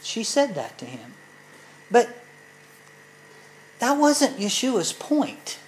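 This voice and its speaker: A woman's voice: on the high side, big pitch swings, takes it slowly, darkish tone, a little hiss or hum, poor audio. A woman teaching a sermon in an earnest, explanatory way, speaking directly to her listeners. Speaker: Bible teacher.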